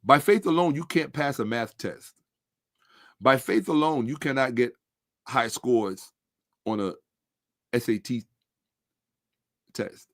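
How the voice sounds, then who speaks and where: A man's voice: medium pitch, takes it slowly, long pauses, fairly bright tone, no room sound, clean studio sound. A man in a combative commentary monologue, sarcastic and repeating his points for emphasis, dropping to a mutter while he checks his screen.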